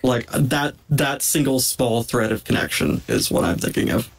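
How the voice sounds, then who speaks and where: A man's voice: medium pitch, expressive, moderate pace, vocal fry, husky, rough recording. Casting: male tabletop player, rambling casual talker, mid-range voice. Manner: rambling, heavy use of "like". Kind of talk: casual chat at the game table.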